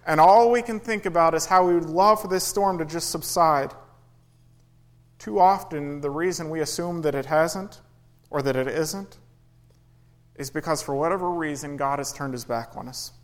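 A man's voice: on the high side, normal speed, long pauses, rough recording. A man preaching a sermon in an earnest way, rising and falling for emphasis and acting out quoted pleas. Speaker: pastor.

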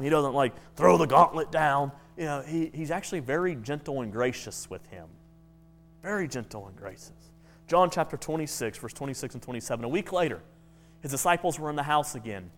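Male preacher for a class talk, pitched high, lively and repetitive in delivery. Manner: animated, with frequent repeated-word restarts. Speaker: preacher teaching a Bible class. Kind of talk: classroom sermon with storytelling.

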